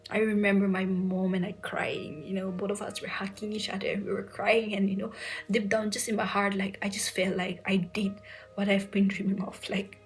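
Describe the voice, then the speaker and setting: A young woman recounts a personal story in a soft, hushed voice that keeps slipping toward a whisper. Her pitch stays level and narrow as she speaks through tears, full of "you know" and "like". Light music plays underneath. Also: little pitch movement, moderate pace. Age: young adult. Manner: soft-spoken, often near a whisper, many fillers. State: tearful, emotional. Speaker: medical entrance exam aspirant sharing her story.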